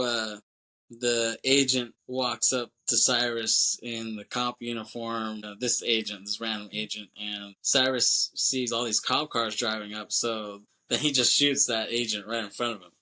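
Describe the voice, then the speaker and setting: A man's voice: medium pitch, pushed and bright. A man hosting a podcast, casually retelling a film scene by scene, acting out the characters' lines and laughing often. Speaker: podcast host. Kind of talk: casual movie recap.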